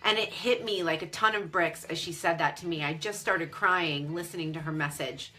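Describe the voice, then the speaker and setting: A woman's voice: fairly low pitch, moderate pace. A woman coach talking candidly and emotionally to viewers on a live video stream, close to tears at times. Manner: animated, candid. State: tearful. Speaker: online business coach. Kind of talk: Facebook Live chat.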